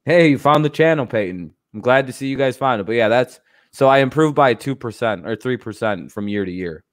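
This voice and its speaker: A man in the middle of an easygoing stream, talking in a loose, rambling flow that's peppered with swearing and quick laughs. His pitch sits mid-range for a man. The sound is close and dry, with hardly any room around it. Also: animated, dry recording. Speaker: streamer host. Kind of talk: casual livestream chat.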